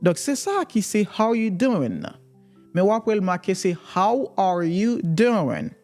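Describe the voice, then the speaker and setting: Teacher, bouncy animated pitch, explains in then says the english slow, soft music behind. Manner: explains in Creole, models English phrases slowly. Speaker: language teacher. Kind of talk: bilingual language lesson.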